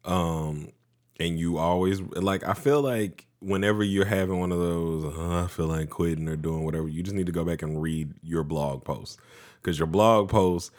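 Man, podcast co-host, very deep voice, congested, casual chat, meandering, playful. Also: moderate pace, a little mellow. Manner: meandering, self-correcting, playful teasing. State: congested from allergies.

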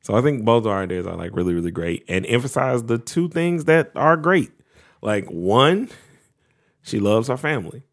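A man's voice: medium pitch, lively intonation, moderate pace. A man co-hosting a podcast, chatting casually with lots of fillers and restarts. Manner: rambling, many "like" fillers and restarts. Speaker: podcast co-host. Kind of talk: casual chat.

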